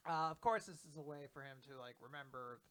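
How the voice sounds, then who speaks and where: Man, co-host, bright forceful voice, casual comic recap, joking, swears freely. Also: on the high side, quick pace. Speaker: podcast co-host.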